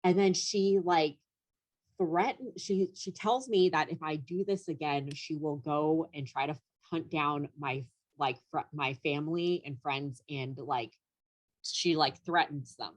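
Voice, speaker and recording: A young woman with a low voice tells a rambling story on a casual podcast. She leans on fillers and laughs now and then as she goes. Her delivery is loose and chatty. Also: unhurried. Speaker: comedian guest.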